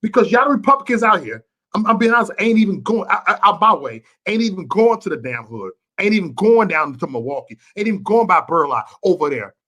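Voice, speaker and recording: A man's voice: sits high, sing-song, brisk, bright, forceful tone. Blunt, profane man ranting on a livestream. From Chicago. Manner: blunt, profane, preachy, repeats himself. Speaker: vlogger and livestream host. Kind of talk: livestream rant to chat viewers.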